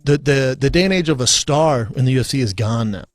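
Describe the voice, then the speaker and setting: A man's voice: medium pitch, fairly quick, dry recording. A man in his thirties, a guest in a casual interview, talking bluntly and swearing freely with lots of repeated words. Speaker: guest, former fighter.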